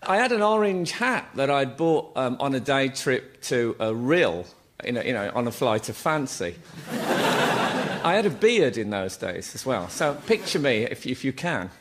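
A man's voice: medium pitch, very animated, moderate pace, fairly bright tone, slight background noise. A man telling a long anecdote on a comedy panel show in a TV studio, rambling and hesitant, with many ums. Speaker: panel guest.

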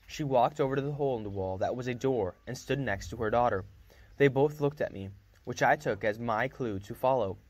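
A man's voice: medium pitch, brisk, no room sound. A man reading a novel aloud in a casual first-person storytelling manner, with small slips and restarts. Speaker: reader.

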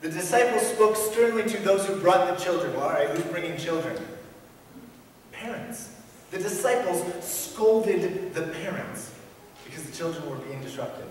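Guy preaching, kinda high voice, earnest, gets loud then hushed, super echoey church, faint room noise. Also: fairly quick, distant mic. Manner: earnest, emphatic, repeats key phrases, swings between loud and hushed. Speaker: pastor. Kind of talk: sermon. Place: church sanctuary.

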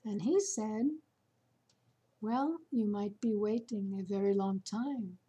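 Woman, casual vlog chat, slow pace, rambling fillers. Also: mid-range voice, mellow, breathy edge. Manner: slow, chatty storytelling with fillers. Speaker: vlogger.

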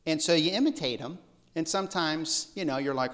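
Guy preaching in church, laid back and jokey, kinda high voice. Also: expressive, a little fast, fairly bright tone. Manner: casual, joking asides, frequent restarts. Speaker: pastor. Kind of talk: conversational sermon. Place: church service.

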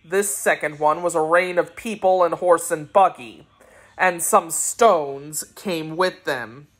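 A woman voicing a cold, cruel male sorcerer covered in thorns, speaking slowly and sternly in a storybook reading. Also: low-pitched. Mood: defensive. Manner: slow, stern and accusing.

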